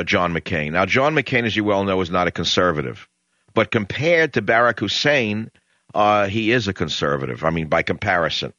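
A man's voice: deep voice, pushed and bright, dry recording. An older man with a New York accent, hosting a talk radio show in a rambling, emphatic monologue full of hesitations. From Queens, New York. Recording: dull lo-fi broadcast audio.

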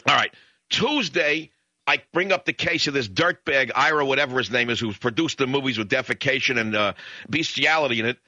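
A man's voice: medium pitch, a little fast, sharp tone, no room sound, muffled recording. Bombastic man hosting talk radio. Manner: bombastic, rising to emphatic peaks. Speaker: radio talk show host. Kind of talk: combative talk radio monologue.

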